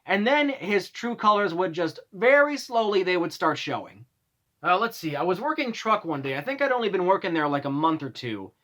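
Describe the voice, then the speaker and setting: A man's voice: sits high, very animated, normal speed, bright, forceful tone. A young man vlogging, telling workplace stories in a casual, exasperated rant full of swearing. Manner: profane, exasperated ranting.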